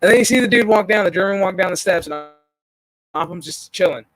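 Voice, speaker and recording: A man hosting a gaming stream, telling a story in casual chat, profane and animated. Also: sits high, fast.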